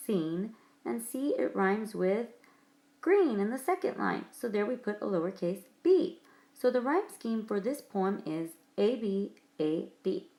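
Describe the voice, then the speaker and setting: A woman teacher narrating a recorded lesson, explaining things clearly to her students. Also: medium pitch, darkish tone. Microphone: tablet microphone.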